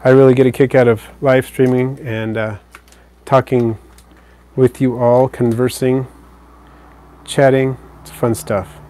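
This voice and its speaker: A man hosting a live stream, casually answering viewer comments in a relaxed, rambling way. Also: medium pitch, a little slow, long pauses. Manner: relaxed, rambling, with fillers and self-corrections.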